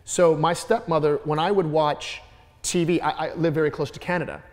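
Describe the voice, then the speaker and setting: A man from Detroit, a comedian telling stories in an onstage Q&A with lively, repetitive phrasing. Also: a little high, moderate pace, big-room sound. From Detroit, USA. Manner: lively, repeats words while building up jokes. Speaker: guest comedian in a Q&A. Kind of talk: animated onstage storytelling.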